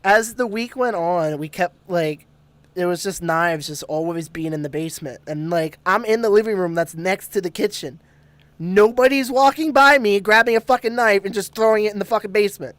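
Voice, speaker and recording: Guest, man, animated profane storyteller, laughs through it, dry close sound. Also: high-pitched, moderate pace, dry recording. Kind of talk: casual storytelling.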